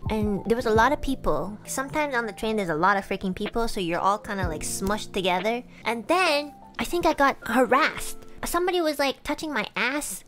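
A young woman from Canada telling a story on stream in casual chat, animated with laughs and mock outbursts. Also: a little high.

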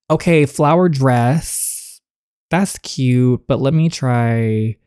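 A woman's voice: extremely low pitch, extremely slow, dark tone, smooth. A woman who plays a story game on video, reading it aloud and reacting in a chatty, self-mocking way. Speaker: gaming YouTuber.

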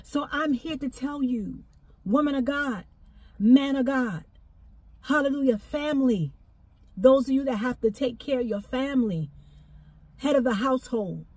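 A woman giving a fervent prophetic exhortation, repeating phrases and breaking into shouts of praise. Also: sits high, normal speed, slightly rough, no echo. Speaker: prophetic minister.

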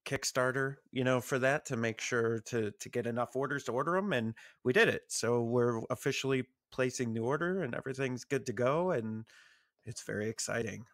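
A man's voice: medium pitch, normal speed, fairly bright tone, no room sound, studio quality. A man from the United States co-hosting a podcast, rambling and joking about himself. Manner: rambling, self-mocking. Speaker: podcast co-host. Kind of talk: casual podcast chat.

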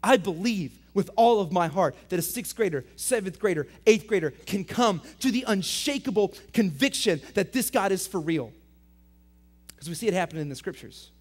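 High-voiced, energetic male youth pastor. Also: normal speed, husky. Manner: energetic, swings between loud emphatic lines and quiet intense ones; reads scripture aloud, asks students direct questions. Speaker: middle school pastor. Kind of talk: youth sermon.

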